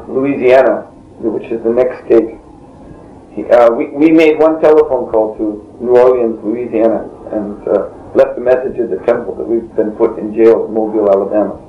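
A man being interviewed, telling a long story in a rambling way, often breaking off and chuckling. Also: mid-range voice. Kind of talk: casual spoken storytelling. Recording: dull lo-fi tape in a roomy space, faint hiss.

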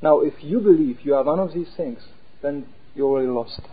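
A man giving an animated talk as a preacher, acting out voices as he explains. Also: a little high, brisk, husky. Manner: animated, acts out inner voices. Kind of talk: sermon-style talk. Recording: tinny phone-like sound.

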